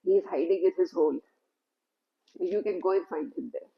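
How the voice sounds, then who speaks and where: A woman's voice: on the low side, normal speed, vocal fry, husky, highs cut off. A woman voicing carefree village children in a told story. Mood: offhand.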